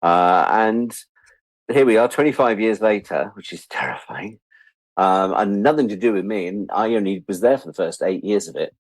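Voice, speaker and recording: A middle-aged man telling stories as a guest in a casual interview, animated and acting out the voices of the people he quotes. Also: on the low side, normal speed, dry recording.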